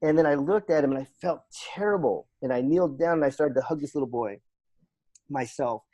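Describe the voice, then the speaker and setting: A man's voice: fairly high pitch, brisk, dark tone. A man, a podcast guest and coach, telling a personal story in an earnest, reflective way and repeating phrases for emphasis.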